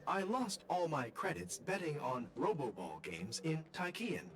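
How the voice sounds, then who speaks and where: A lively, fussy robot. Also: male voice, a little high, measured pace, creaky, exaggerated voice. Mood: matter-of-fact. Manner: formal, precise robotic phrasing. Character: chatty male robot, eager and fussy. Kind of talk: video game voice acting.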